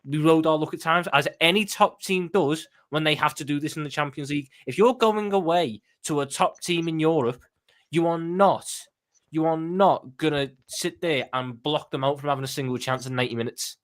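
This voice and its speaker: A man giving fired-up football analysis as a panel guest, repeating words as he pushes his points. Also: a little high. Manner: fast, emphatic, repeats words when excited. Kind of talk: passionate match analysis.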